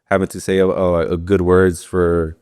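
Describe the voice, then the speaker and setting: A man's voice: deep voice, monotone, moderate pace, darkish tone, clear, resonant tone. A young man, a fighter, telling his story in a casual interview, rambling with lots of fillers and swearing freely. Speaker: guest, professional MMA fighter.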